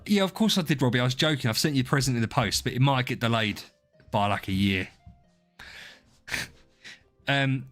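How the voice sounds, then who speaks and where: Hosting a casual live stream, a man in his thirties lets his middle-pitched, fairly bright voice drift loosely between thoughts. He pokes fun at himself and greets chatters by name over faint background music.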